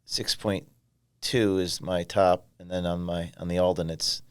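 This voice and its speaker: A man in his thirties, a guest on a conversational podcast, telling stories in animated bursts with sudden rises in emphasis. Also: low voice, unhurried, smooth, no room sound, clean studio sound. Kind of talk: casual interview conversation.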